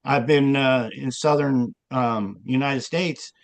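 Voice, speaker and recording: Gravelly-voiced man, rambling interview guest. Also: mid-range voice, slow. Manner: rambling, with many fillers and restarts. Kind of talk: casual interview talk.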